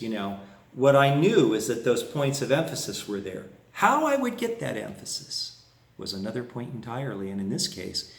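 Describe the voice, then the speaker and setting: A man's voice: fairly low pitch, vocal fry, roomy sound, far from the mic. A man teaching harmonica phrasing, explaining and humming phrases to show them. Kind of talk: music lesson with played examples.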